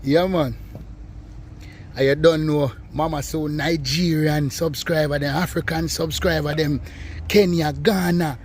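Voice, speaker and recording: A young man with a Jamaican accent bantering playfully with his mother while she cooks, giving shout-outs to viewers. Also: a little high, flat delivery, unhurried, slight background noise. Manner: playful, joking, shouts out to fans. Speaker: co-host, son of the cook. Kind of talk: casual cooking vlog banter.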